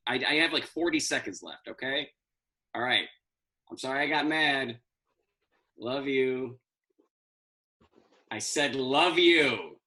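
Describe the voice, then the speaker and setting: A man's voice: medium pitch, sharp tone, natural voice. A man playing Superman as a cranky, profane stand-up comic ranting about quarantine. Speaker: stand-up comedian in costume. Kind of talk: in-character stand-up.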